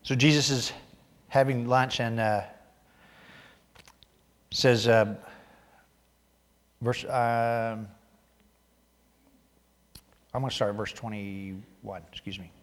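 A man preaching a sermon, reading scripture aloud and growing loud and emphatic as he drives points home. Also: medium pitch, steady tone, slow pace, pauses often, big-room sound. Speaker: pastor.

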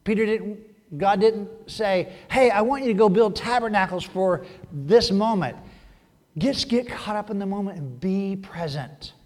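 A man preaching a sermon, animated, swinging from loud exclamations to hushed asides and acting out quoted voices. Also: high-pitched, unhurried, big-room sound. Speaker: pastor.

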